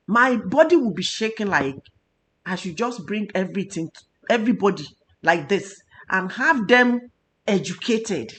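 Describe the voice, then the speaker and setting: A woman's voice: mid-range voice, fairly bright tone. A Nigerian woman, a nutritionist hosting a health talk show, speaking with emotional emphasis. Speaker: nutritionist host.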